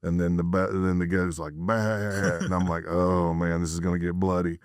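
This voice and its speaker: A man's voice: low-pitched, flat delivery, normal speed, dry recording, clean studio sound. A middle-aged American man, a former undercover agent, telling a story as a podcast guest and acting out the dialogue he quotes. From United States.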